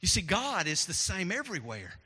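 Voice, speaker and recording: A man preaching a sermon as pastor, swinging from loud to hushed, in a church sanctuary. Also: sits high, wildly swooping pitch, a little fast, husky. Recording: long hall reverb.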